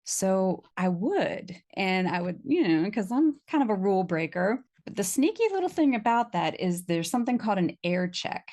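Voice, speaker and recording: A woman's voice: medium pitch, normal speed, few pauses. A middle-aged woman from Virginia telling stories in a casual podcast interview, acting out quotes with a lifted voice. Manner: animated storyteller, acts out quotes in a raised voice. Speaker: guest, voiceover artist.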